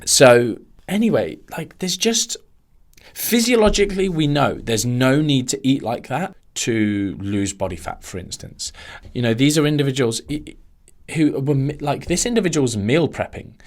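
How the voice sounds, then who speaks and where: A man hosting a solo podcast, ranting in a loose, animated way that keeps swerving into tangents. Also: mid-range voice, normal speed. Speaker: podcast host. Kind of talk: casual solo podcast monologue.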